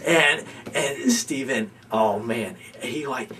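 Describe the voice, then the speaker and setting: A young man telling a story among housemates, animated, laughing often and acting out what others said. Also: medium pitch, normal speed. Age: young adult. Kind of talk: casual storytelling. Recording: distant mic with faint background noise.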